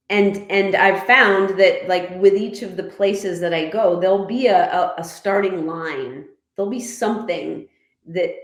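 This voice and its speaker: Woman from Canada, lowish voice, animated storyteller, echoey room. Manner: animated storyteller, laughs often, voices others in her anecdotes. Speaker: guest, former motorcycle racer and writer. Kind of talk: casual podcast storytelling.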